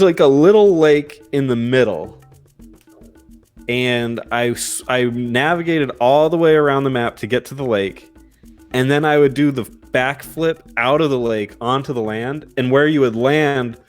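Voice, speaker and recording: Dude telling a game story eagerly, mid voice, little music faint behind. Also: male voice, medium pitch, normal speed. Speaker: podcast co-host. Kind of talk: casual chat.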